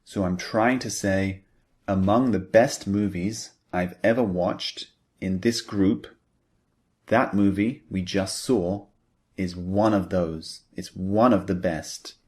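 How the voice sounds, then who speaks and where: A man teaching an English speaking pattern, explaining slowly and deliberately with spoken example sentences. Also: sits low, steady tone, darkish tone. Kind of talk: scripted language lesson.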